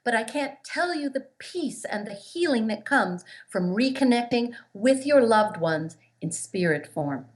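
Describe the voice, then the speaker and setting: An earnest woman guest tells her story with emphasis, her voice a touch higher than most. She acts out the quoted voices as she goes. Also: lively intonation, a little slow, hardly any pauses. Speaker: guest, relationship therapist. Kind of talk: interview storytelling.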